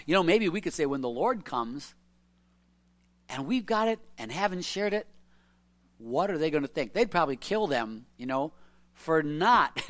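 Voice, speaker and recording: A preacher giving an informal evening sermon, telling stories earnestly with soft chuckles and asking "isn't it?" and "you know" all the time. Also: medium pitch. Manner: chatty, many tag questions and "you know".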